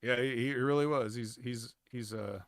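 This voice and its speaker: A man's voice: medium pitch, normal speed, dry recording, studio quality. Rambling man in casual podcast chat. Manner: rambling, many "like" fillers and restarts. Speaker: podcast co-host.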